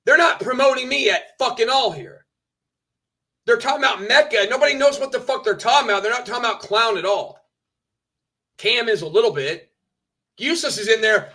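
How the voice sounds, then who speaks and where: A man's voice: very high-pitched, animated, a little fast, pauses often, bright, forceful tone. A man streaming, ranting with petty indignation, swearing and mocking others. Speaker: streamer reacting to clips. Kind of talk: ranting commentary.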